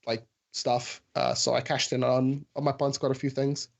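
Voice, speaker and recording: A man's voice: medium pitch, little pitch movement, normal speed, gravelly, muffled recording. A man in a casual podcast chat, rambling through a story with many fillers and restarts. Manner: rambling, filler-heavy, says "like" often.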